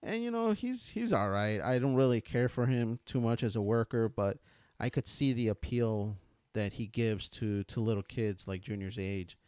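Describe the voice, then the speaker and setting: A man co-hosting a podcast, telling relaxed stories and chatting casually. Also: normal speed, clear, resonant tone, no echo. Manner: laid-back storytelling, quotes his son in a high voice. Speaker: podcast co-host.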